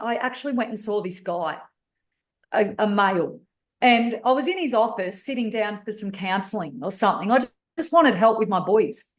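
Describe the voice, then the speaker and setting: A woman's voice: a little high, echoey room. A woman with an Australian accent telling her life story candidly as a podcast guest, blunt and swearing freely. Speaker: guest speaker and author.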